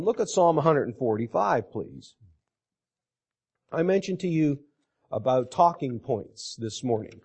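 A middle-aged man preaching a sermon on a Psalm, reading verses aloud and repeating key phrases slowly for emphasis. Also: medium pitch, darkish tone, husky. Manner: slow and deliberate, repeating scripture phrases for emphasis.

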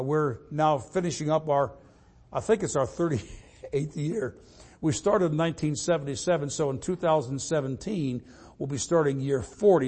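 Fervent older preacher, fairly high voice. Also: male voice. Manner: fervent, rising loud on scripture readings. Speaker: traveling preacher. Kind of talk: sermon.

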